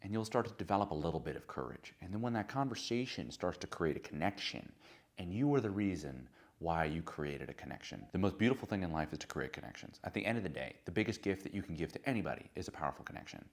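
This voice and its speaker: A young man coaching confidence in an emphatic motivational talk, building his lists up to loud crescendos. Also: low voice, lively intonation, quick pace.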